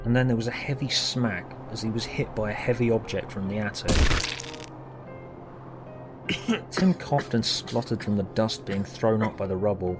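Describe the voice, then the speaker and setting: A man with a fairly low voice narrates a horror tale, slow and dramatic. He reads it in measured, deliberate sentences. Music plays clearly beneath his voice. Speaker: storyteller.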